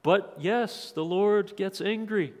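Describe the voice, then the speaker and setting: Man, pastor, earnest sermon, high voice, long hall reverb. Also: takes it slowly. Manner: earnest, asks the congregation rhetorical questions.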